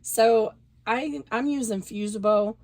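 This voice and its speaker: A woman's voice: fairly high pitch, slow, a little mellow. A woman giving a casual, chatty sewing tutorial, talking through each step as she works and correcting herself along the way. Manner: chatty, self-correcting, talks while working. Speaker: embroidery instructor.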